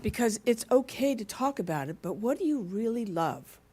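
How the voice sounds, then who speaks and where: A woman addresses a congregation in a playful, interactive way, calling on people by name. Her pitch runs high and moves animatedly as she draws answers out of the room. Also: normal speed, a little hiss or hum. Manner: lively, playful, questions the congregation directly. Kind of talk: interactive sermon.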